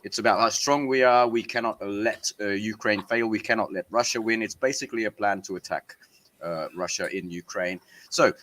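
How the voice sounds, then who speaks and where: A man's voice: fairly low pitch, fairly bright tone, a little hiss or hum. A man hosting a casual political podcast, sarcastic and rambling as he talks over the news. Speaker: podcast host.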